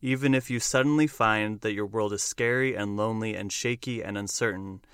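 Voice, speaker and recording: Smooth-voiced male podcast host. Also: on the low side, fairly quick, fairly bright tone, no room sound, clean studio sound. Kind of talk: casual chat.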